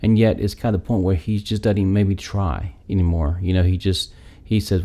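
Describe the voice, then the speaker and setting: A man with a very deep voice thinks aloud in a casual faith discussion. His tone is dark and mellow. He rambles through long sentences and murmurs agreement while his partner talks. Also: steady tone, fairly quick.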